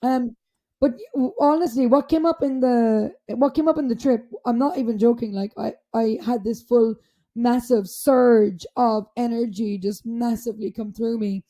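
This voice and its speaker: Bubbly high Irish woman, sweary chat. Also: normal speed. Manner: animated, swears freely, many filler "like"s. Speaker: podcast co-host. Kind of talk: casual chat.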